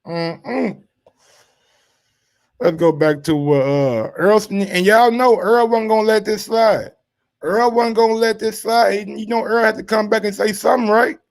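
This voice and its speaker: A man with a somewhat high-pitched voice hosts casual boxing commentary. He talks in loose slang and reacts to social posts with drawn-out exclamations, keeping an animated, quick-reacting manner. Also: gravelly.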